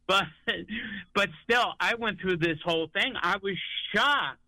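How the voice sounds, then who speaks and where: A man's voice: high-pitched, measured pace, sharp tone, no echo, rough recording. A man from Connecticut calling into a radio show and telling a story in detail. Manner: storytelling, acts out quoted people. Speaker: caller. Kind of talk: call-in radio chat.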